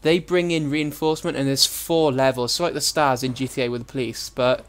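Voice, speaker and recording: A man's voice: mid-range voice, steady tone, brisk, clear, resonant tone. A young man hosting a let's-play, chatting casually and swearing freely as he plays. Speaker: gaming channel host.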